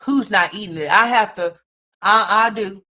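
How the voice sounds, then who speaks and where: A woman's voice: medium pitch, normal speed. Bold, profane woman livestream host. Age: adult mother. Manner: loud, profane, animated, calls viewers "y'all" and "honey". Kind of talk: casual livestream commentary reacting to chat.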